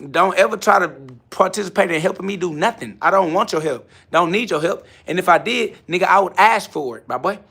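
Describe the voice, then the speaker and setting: Brash gravelly-voiced man ranting on a live stream. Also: sits high, a little fast, hardly any pauses, sharp tone. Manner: brash, boastful, repetitive. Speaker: livestream host. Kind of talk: confrontational live stream rant answering comments. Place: home garage gym.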